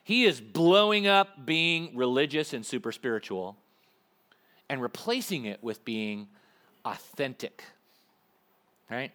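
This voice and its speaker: A man preaching a sermon in a conversational, animated way, acting out little asides to the congregation. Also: medium pitch, slow, pauses often. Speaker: pastor.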